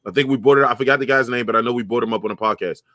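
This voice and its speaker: A man's voice: mid-range voice, rapid-fire, a bit bright, dry recording, clean studio sound. A man co-hosting a podcast, brash and profane, pushing back hard in a casual argument. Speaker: podcast co-host. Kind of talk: casual heated podcast debate.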